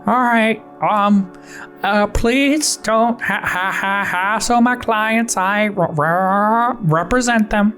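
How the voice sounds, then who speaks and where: Man voicing a squawking parrot lawyer, pitched up, slow and halting, bird-cartoon feel. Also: a bit bright, soft background music. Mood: awkward. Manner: interrupts herself with squawks, halting slow delivery. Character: squawking female parrot lawyer, awkward but earnest.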